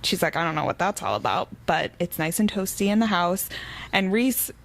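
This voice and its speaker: A woman's voice: lowish voice, lively intonation, moderate pace, gravelly. A young woman co-hosting a book podcast, casually retelling a story and acting out the characters' lines. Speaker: podcast co-host. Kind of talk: casual book-club chat.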